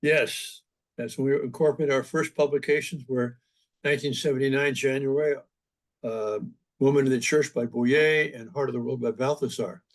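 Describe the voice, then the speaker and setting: An older man, a priest, reminiscing in an interview with relaxed, humorous storytelling. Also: medium pitch, normal speed. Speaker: interview guest, priest and publisher. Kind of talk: anecdotal storytelling in conversation.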